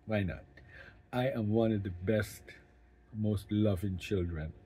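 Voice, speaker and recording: A middle-aged man speaking candidly about caring for his mother, emotional and halting, often restarting his sentences. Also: on the low side, fairly even intonation, mellow, slightly rough. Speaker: family caregiver. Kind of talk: candid personal talk to camera.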